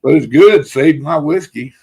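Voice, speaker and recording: A man's voice: fairly high pitch, lively intonation, moderate pace, vocal fry, darkish tone, breathy edge. A man hosting a casual podcast chat, telling long, rambling stories full of swearing and laughter. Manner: rambling, profane, laughs through his stories. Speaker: podcast host.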